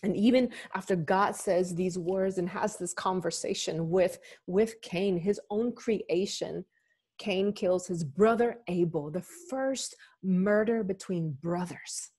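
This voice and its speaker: A woman pastor leading a lament, speaking slowly, deliberately and gravely. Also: lowish voice, warm tone. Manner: slow, deliberate, grave and earnest. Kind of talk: slow reflective spoken sermon and prayer.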